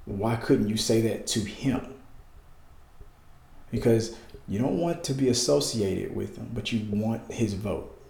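A man delivers a casual political rant in a gravelly, dark voice. He is heated and emphatic, circling back over his points with many restarts, and the room around him rings with echo. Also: fairly low pitch, unhurried, long pauses. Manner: heated, emphatic, repeats himself, restarts often.

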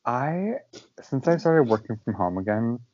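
A man's voice: mid-range voice, big pitch swings, a little slow, darkish tone, dull audio. A man co-hosting a podcast in casual chat, tired, talking in a self-deprecating way with lots of "like". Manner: chatty, peppers speech with "like", self-deprecating. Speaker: podcast co-host.

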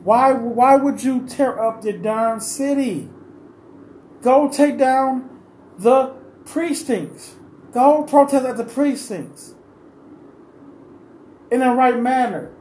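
A man with a notably high speaking voice delivers an impassioned, unscripted monologue, pleading with his listeners and hammering the same questions over and over. He rambles and restarts as he talks. The recording is roomy and echoey, with faint ambient noise underneath. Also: slow, long pauses, darkish tone. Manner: pleading, repeats questions insistently. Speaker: vlogger giving his opinion.

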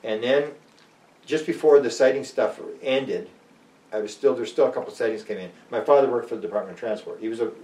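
A man's voice: mid-range voice, brisk, a little mellow. Older man telling rambling stories. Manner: rambling, many restarts, acts out quoted voices. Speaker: author guest. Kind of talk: rambling storytelling interview. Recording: roomy and distant.

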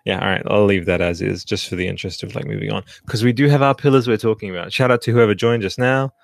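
A man's voice: lowish voice, fairly even intonation, fast talker, gravelly, no room sound, clean studio sound. A man in his thirties hosting a live stream, chatting casually in a loose, profane, hyped-up way. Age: 30s. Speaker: podcast host.

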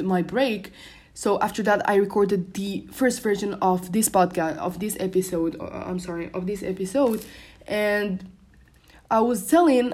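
A young woman whose first language is French hosts a casual solo podcast from her room at home. Her voice is medium in pitch with a darkish tone, and she rambles, often restarting and using fillers.

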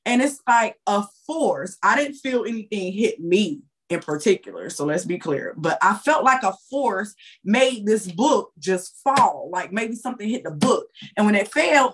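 A woman guest on a podcast, a tarot reader telling a story in a lively, chatty way with loose, slangy phrasing. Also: medium pitch, husky. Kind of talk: casual storytelling.

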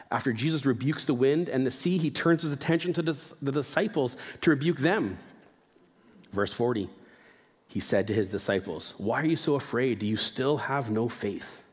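A man preaching a sermon in a relaxed, conversational manner, dropping his voice low and slow to stress key points. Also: slightly rough, big-room sound. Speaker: pastor.

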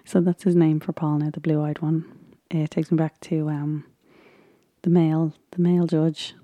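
A woman's voice: low-pitched, level tone, normal speed, warm tone. A woman vlogger chatting casually as she recaps a baking show, rambling with frequent ums and little laughs. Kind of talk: casual chat.

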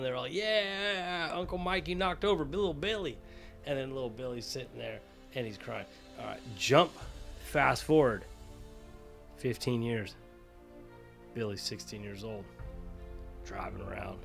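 A man's voice: medium pitch, normal speed, creaky, pauses often, faint music behind. Man rambling through a profane comic story. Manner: profane, digressive, animated. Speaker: podcast host.

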